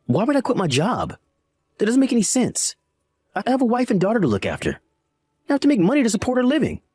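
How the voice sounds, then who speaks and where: A man voicing a lying, defensive grown son in a family drama, with a husky voice that dodges and shrugs off blame. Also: extremely high pitch, wildly swooping pitch, fast, a little mellow, no room sound, clean studio sound, exaggerated voice. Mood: indignant. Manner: defensive, dismissive.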